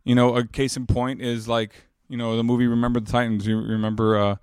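A man's voice: mid-range voice, level tone, fairly quick, clean tone, no room sound, clean studio sound. A man in his thirties telling an emotional personal story in an earnest, reflective way, rambling with many restarts and growing more emphatic as he makes his points. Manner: grows louder and more emphatic when making a point.

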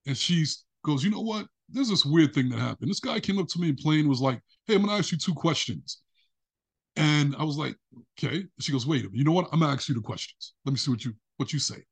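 Animated husky-voiced man telling a story. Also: fairly high pitch, quick pace. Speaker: podcast guest. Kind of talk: casual storytelling interview.

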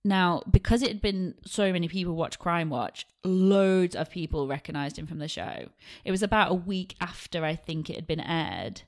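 A woman's voice: on the low side, expressive, moderate pace, few pauses. Chatty woman telling a crime story. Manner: chatty, laughing, acts out quotes in voices. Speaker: podcast co-host. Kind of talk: casual true-crime storytelling.

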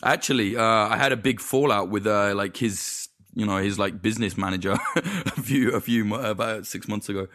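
A man's voice: on the low side, normal speed, a bit bright, no echo, studio quality. A man in casual podcast chat, telling stories in a rambling, profane way full of false starts.

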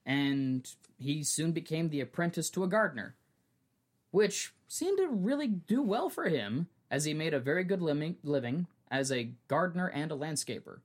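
A man's voice: a little high, very animated, moderate pace. A young adult man hosting a podcast, telling a true story in a chatty way with frequent restarts. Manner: chatty, restarts often, laughs along. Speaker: podcast host.

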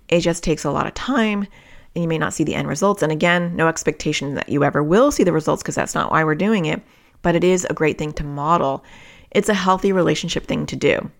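A middle-aged woman with a low voice and a gravelly edge hosts a solo parenting podcast. She talks candidly and reflectively, speaking straight to her listeners. Her delivery stays open and self-questioning.

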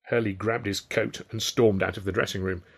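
A man's voice: fairly low pitch, fairly even intonation, moderate pace, vocal fry, slightly rough. A man, an author reading his own comic novel in a dry, wry storytelling way. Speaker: author and narrator. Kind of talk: audiobook narration of a comic novel.

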